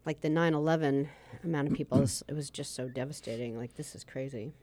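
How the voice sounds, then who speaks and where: A woman's voice: a bass voice, warm tone. A middle-aged woman co-hosting a comedy radio show, chatty and easygoing in casual banter. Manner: chatty, easygoing, quick to laugh. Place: radio studio.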